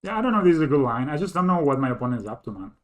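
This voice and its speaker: A man calls his own card game out loud, counting damage under his breath and talking through each choice. His voice is mid-pitched and swings up and down a lot. He sounds like a streamer at a desk mic. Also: rapid-fire. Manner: thinks aloud, counting and muttering, bursts into excited laughing disbelief. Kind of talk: live gameplay commentary.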